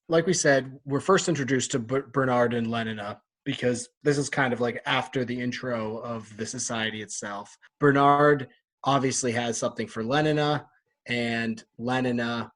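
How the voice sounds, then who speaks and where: Chatty man leading a book club podcast. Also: medium pitch. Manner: chatty, laughs often, leads the discussion. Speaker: podcast co-host. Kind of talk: casual book club chat.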